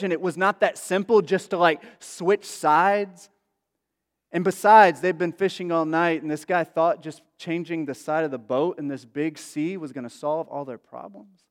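A man's voice: sits high, steady tone, moderate pace. A man preaching a casual, conversational sermon as a pastor, full of asides and fillers. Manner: chatty, many asides and fillers. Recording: long reverb of a large hall.

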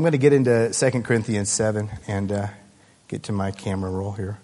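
A man preaching a sermon as pastor, telling a story earnestly and haltingly, with frequent restarts. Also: fairly low pitch, mellow. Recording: long hall reverb.

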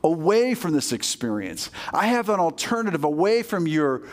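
A preacher voicing Jesus, crying out slowly and loudly to a crowd. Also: male voice, fairly high pitch, sing-song. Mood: pleading. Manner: loud, proclaiming, slow and drawn out.

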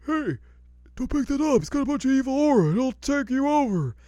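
A man putting on a high, squawky voice for a cranky old swordsmith in a podcast recap. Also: sing-song, fairly quick, dark tone, dry recording. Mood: alarmed.

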